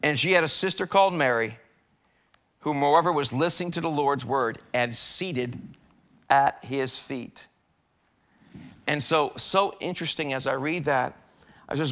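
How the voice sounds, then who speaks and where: A man's voice: a little high, measured pace, pauses often, fairly bright tone. A man speaking as a pastor, giving a casual devotional talk in a church and acting out prayers with a lifted voice. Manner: conversational, acts out prayers and complaints in a raised voice.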